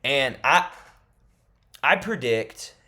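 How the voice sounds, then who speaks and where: A man in his casual fight-prediction vlog speaks in an ordinary mid-range voice. He rambles with a fan's excitement. He also keeps up a tongue-in-cheek act that his invented inside news is genuine. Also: medium pitch, very slow. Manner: jokingly insists his made-up leaks are real. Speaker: MMA YouTuber.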